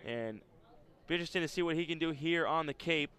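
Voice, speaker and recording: Baseball color guy, smooth clean voice, casual stat talk. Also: fairly high pitch, a bit bright. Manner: casual, reads off stats, quick asides. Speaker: color commentator.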